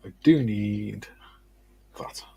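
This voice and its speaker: A man's voice: on the low side, very slow, gravelly, dark tone, slight background noise. A man co-hosting a model-building stream, chatting casually and reading out viewer comments, laughing easily.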